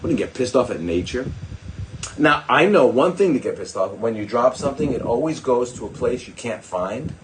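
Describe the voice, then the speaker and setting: A man's voice: mid-range voice, expressive, moderate pace, slight background noise, poor audio. An older man, a doctor hosting a live stream, talking in a digressive, sarcastic way with mocking asides to his viewers. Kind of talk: rambling live-stream talk.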